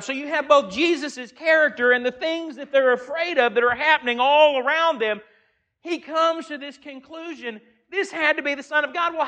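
A man preaching a sermon, reading scripture aloud and earnestly slowing down and swelling his voice for emphasis. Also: very high voice, bright, forceful tone.

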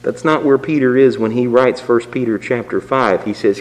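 A man preaching a sermon, swinging from raised emphatic lines to low, quiet asides. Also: moderate pace, hardly any pauses. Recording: long reverb of a hall.

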